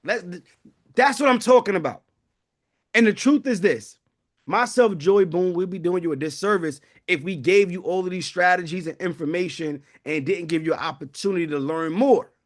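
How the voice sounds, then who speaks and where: A man whose voice sits high speaks at normal speed, leading a live online class on building wealth that doubles as a sales pitch. He preaches with fervor and calls out to his viewers.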